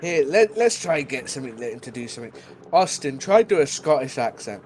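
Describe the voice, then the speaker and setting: A man's voice: mid-range voice, sing-song, a little fast, a little mellow, slight background noise. Laughing co-commentator man. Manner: teasing, laughs often. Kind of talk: live sim-racing commentary.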